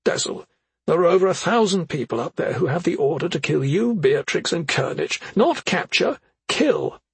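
A woman's voice: deep voice, lively intonation, fairly quick, breathy edge, no room sound, voice pushed up, heavily acted. A man reading an audiobook, voicing a worried middle-aged mother who questions her son sharply and skeptically. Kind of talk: audiobook character voice.

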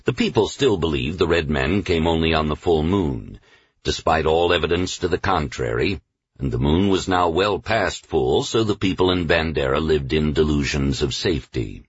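Deep husky man narrating a novel. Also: expressive, no echo. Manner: measured storytelling, slows on lists. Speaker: audiobook narrator. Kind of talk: scripted narration. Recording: dull, dry studio recording.

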